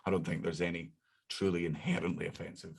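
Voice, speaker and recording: Low-voiced Scottish man, swearing and laughing. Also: fast, vocal fry, breathy edge. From Scotland. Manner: animated, laughs often, swears freely. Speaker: comedian guest. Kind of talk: casual chat.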